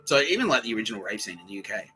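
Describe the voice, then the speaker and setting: Profane rambling man, bright voice. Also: fairly low pitch, sing-song, racing, low-quality recording. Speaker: podcast host. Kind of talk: rambling solo monologue.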